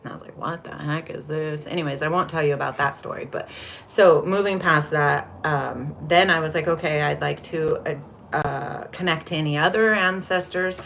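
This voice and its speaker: Low-voiced chatty woman livestreaming. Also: moderate pace, gravelly, fairly bright tone, a little hiss or hum. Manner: chatty, rambling, greets viewers from the chat. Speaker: livestream host. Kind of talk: casual spiritual livestream chat.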